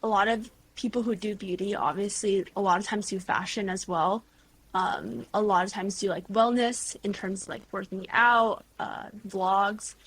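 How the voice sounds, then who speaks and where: A woman in her twenties, a guest creator, chatting casually in an interview with lively storytelling and lots of fillers. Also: mid-range voice, moderate pace, a little hiss or hum. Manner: bubbly, animated storytelling with frequent "like" and laughs.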